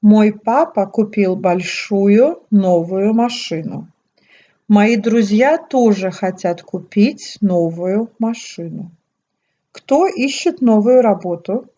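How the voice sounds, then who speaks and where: A woman narrates a scripted language lesson at a very slow, careful pace, spelling out each example. Her voice is mellow and middle-pitched. The recording sounds dull and lo-fi. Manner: slow, careful, deliberate delivery. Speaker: language teacher.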